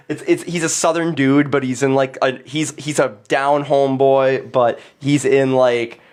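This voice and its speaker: A man's voice: mid-range voice, steady tone, measured pace, a little mellow, smooth. A man hosting a podcast in casual chat, telling stories with lots of laughter, swearing and "dude". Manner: profane, laughing storyteller who says "dude" constantly. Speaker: podcast host.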